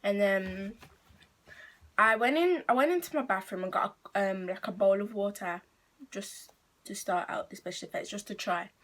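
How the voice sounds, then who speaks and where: A woman's voice: medium pitch, normal speed, a bit bright. A teenage girl with an English accent telling a casual storytime on her channel, rambling and full of fillers. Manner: chatty, rambling, full of "like" and restarts. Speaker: vlogger.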